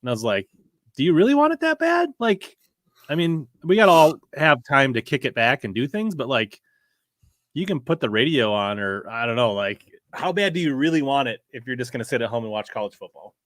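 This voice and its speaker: A man's voice: medium pitch, lively intonation, brisk, fairly bright tone, dry recording. A man hosting a casual chat, easygoing and critical, with frequent fillers like "like" and "uh". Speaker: channel host.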